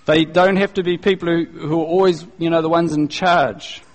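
A male pastor preaching a sermon in a conversational, animated way, using casual slang and acting out the people he quotes. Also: on the high side, moderate pace. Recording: long reverb, echoey hall.

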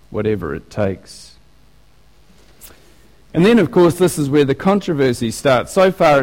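Guy preaching a sermon, chatty and animated, lots of restarts, big echoey hall. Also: mid-range voice. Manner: animated, conversational, with frequent restarts. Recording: long reverb of a large hall.

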